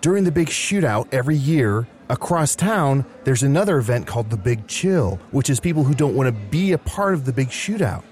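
Man, mid pitch, very lively range, incredulous improv player. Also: brisk, hardly any pauses, soft background music. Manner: incredulous, animated. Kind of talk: improvised role-play.

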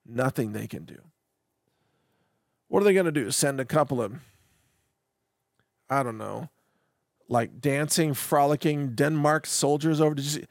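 Man, gravelly voice, dry close sound, sarcastic political rant, laughs at his own points. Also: mid-range voice, a little slow, pauses often, no room sound. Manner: mocking, laughs often, rambling asides. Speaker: podcast host.

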